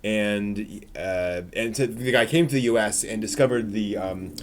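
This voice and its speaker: A man's voice: on the low side, measured pace, a little hiss or hum. A man hosting a casual chat, hesitant and full of "um"s. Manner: hesitant, many "um"s. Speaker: podcast host.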